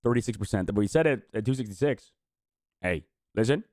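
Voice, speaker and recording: A man's voice: fairly low pitch, animated, a little fast, a little mellow, no room sound, studio quality. A man hosting a live-stream watch party, chatting casually, swearing and reacting with frustration.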